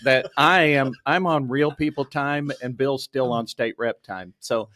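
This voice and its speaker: A man's voice: medium pitch, measured pace, bright, forceful tone. A man appearing as a state representative guest, joking dryly with the host.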